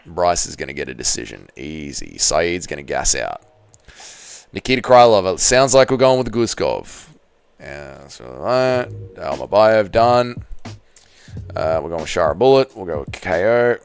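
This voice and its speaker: A man's voice: low voice, sing-song, measured pace, creaky, clean tone, dry recording. An Australian man hosting a casual livestream, reading out chat messages and talking bluntly with frequent swearing. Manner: blunt, swears often, reads chat aloud. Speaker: streamer host.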